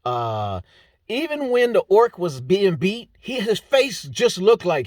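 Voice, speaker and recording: A man talking through fight results in a loose, joking ramble, his voice rising and falling a lot as he gets worked up. He sits a little high for a man and sounds close and dry on the mic, tripping over hard names as he goes. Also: big pitch swings, measured pace, dry recording. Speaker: MMA fight breakdown host. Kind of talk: casual solo commentary.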